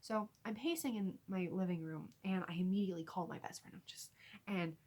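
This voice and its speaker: A young woman vlogger telling a storytime story in an animated way, often laughing as she talks. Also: fairly low pitch, a little fast. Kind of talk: storytime vlog.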